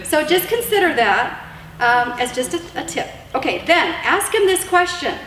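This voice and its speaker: A woman's voice: high-pitched, big pitch swings, moderate pace, a bit bright. A woman giving casual, earnest marriage advice to wives, with lots of fillers and restarts. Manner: chatty and earnest, many fillers and repeated words. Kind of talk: casual instructional talk. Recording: echoey room, mic at a distance, faint hiss.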